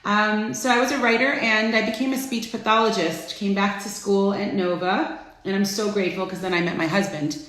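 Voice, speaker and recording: A middle-aged woman hosting a casual live stream, chatty and friendly, greeting viewers by name with bursts of excitement. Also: mid-range voice, fairly quick. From Florida. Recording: echoey room.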